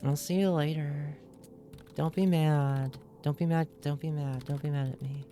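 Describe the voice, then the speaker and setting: Her voice sits low and mellow, with fairly even intonation and a measured pace. The woman is streaming a game, voicing its text in a loosely held, inconsistent accent and playfully giggling and joking with viewers as faint game music plays.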